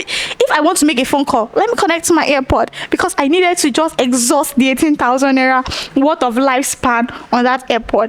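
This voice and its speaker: A young Nigerian woman hosting a podcast, animatedly retelling a story with acted-out quotes. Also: high-pitched. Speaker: podcast host. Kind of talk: casual storytelling monologue.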